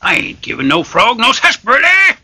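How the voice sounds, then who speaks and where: Man playing a snarling gruff barkeep. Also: very high-pitched, wildly swooping pitch, a little fast, bright, forceful tone, no echo, pitched above the performer's own voice, heavily acted. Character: gruff hostile male saloon barkeep.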